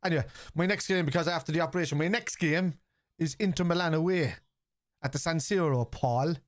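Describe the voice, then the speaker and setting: Irish man, middle-aged, casual live-stream banter, swears, fairly high voice, dry sound. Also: brisk, dry recording. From Ireland. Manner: chatty, swears, reads out chat and reacts to play. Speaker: football watchalong streamer.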